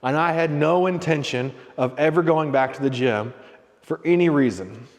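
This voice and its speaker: A man's voice: a little high, moderate pace. Middle-aged guy hosting a group chat, kinda rambly, keeps asking "right?", long echo like a big hall. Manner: rambling, coaching tone with frequent "right?" and "okay?". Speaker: host of a leadership discussion group. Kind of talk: casual motivational talk.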